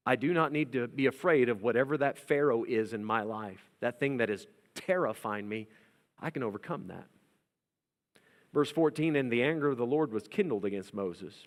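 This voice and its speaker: A man preaching a lively, humorous sermon as the pastor of a church. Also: medium pitch, normal speed, in a large hall. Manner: animated, humorous, acts out scenes.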